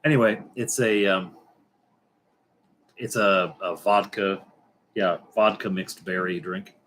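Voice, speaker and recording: Rambling, low-voiced middle-aged man chatting. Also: fairly even intonation, a bit bright. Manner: rambling and halting, many fillers and restarts; wry, joking asides. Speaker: livestream host. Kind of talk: casual late-night livestream chat.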